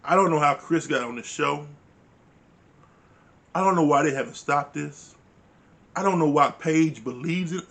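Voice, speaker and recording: A man's voice: on the high side, normal speed, creaky, pauses often, a bit bright. A man giving a casual recap of a reality show, blunt, profane and exasperated, with informal grammar. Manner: uses informal dialect grammar. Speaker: reality TV reviewer.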